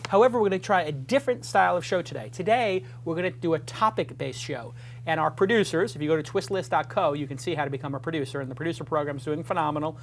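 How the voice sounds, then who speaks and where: A man's voice: on the high side, fast, a little hiss or hum. Chatty rambling male talk show host. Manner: chatty, rambling, jokey self-deprecating asides. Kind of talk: casual studio talk show. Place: studio.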